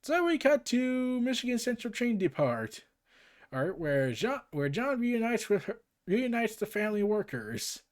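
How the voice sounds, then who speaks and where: A man's voice: high-pitched, very animated, a little slow. A man recapping and reading through a comic book, with jokey asides.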